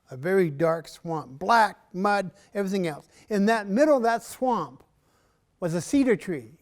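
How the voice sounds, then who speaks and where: A high-pitched man tells a traditional story at an arts center at a slow, deliberate pace. Long silences punctuate his telling, and he frequently sinks into a hushed voice.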